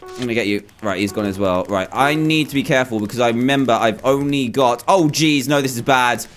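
A young man commentating live on his own gameplay, excitable and quick to exclaim, often repeating himself. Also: medium pitch. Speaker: gaming YouTuber.

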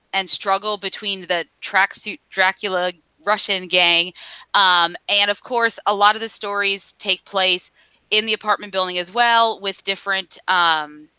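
A woman co-hosting a laid-back comic book podcast, talking through the story in a loose, rambling way with plenty of ums. Her voice is bright and crisp, and the sound is dry and close. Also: medium pitch, dry recording, low-quality recording. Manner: chatty, rambling recap with fillers. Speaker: podcast co-host. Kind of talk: casual comic book discussion.

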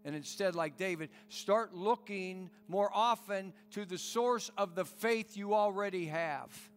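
Male pastor, high voice, earnest sermon with pleading questions, long reverb from the church room. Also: a little slow, a little hiss or hum.

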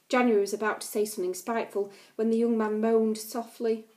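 A woman teacher reads a class novel aloud with a slightly high voice. She breaks off into playful, chatty asides to her pupils between passages. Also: flat delivery, fairly quick, few pauses, dark tone.

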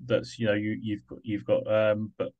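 A man's voice: lowish voice, monotone, normal speed, phone-quality sound. Rambling conversational male host. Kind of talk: casual interview chat.

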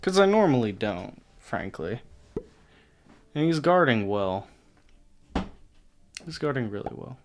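Lively, unhurried exasperated gaming host. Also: male voice, mid-range voice. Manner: exasperated, talks to opponents, swears casually. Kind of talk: live gameplay commentary.

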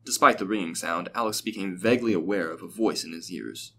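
A man reading a fictional story aloud as a steady, even narrator. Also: deep voice, brisk, creaky, a little hiss or hum.

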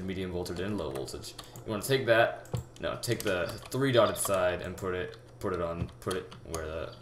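A young man giving a rambling, halting game tutorial, full of fillers and restarts, talking as if out of breath. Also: deep voice. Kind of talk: casual gameplay tutorial. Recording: echoey room with loud background noise. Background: keyboard typing and mouse clicks.

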